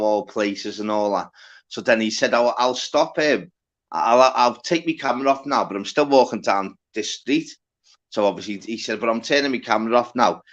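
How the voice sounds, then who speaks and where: A man hosting a livestream, telling a story in a lively, sweary way. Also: fairly low pitch. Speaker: livestream host. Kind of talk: casual livestream chat. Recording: dull lo-fi stream audio.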